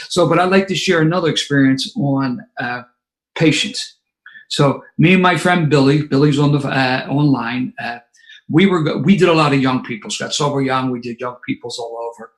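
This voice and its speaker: A man, telling a personal story to a recovery meeting with lively, sarcastic asides. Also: mid-range voice, poor audio. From Philadelphia area.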